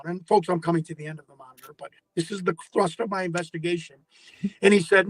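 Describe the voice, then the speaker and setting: A man telling an excitable story as an interview guest, stumbling over restarts and acting out his phone calls. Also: sits high, fast, breathy edge, dry recording, poor audio. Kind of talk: animated storytelling in a podcast interview.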